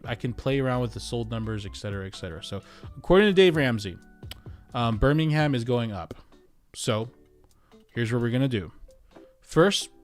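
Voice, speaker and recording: A rambling, chatty man hosts a casual livestream from home, talking real estate and answering viewers as they come in. His voice sits at an ordinary middle pitch, and faint music plays underneath. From United States. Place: home, streaming.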